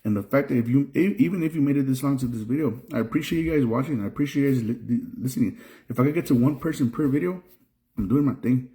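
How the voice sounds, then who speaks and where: A man's voice: mid-range voice, fast talker, warm tone. A young man from Mexico, a trucker, ranting casually to camera in a frustrated way, repeating and restarting phrases. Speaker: trucker and video creator. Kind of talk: casual vlog rant.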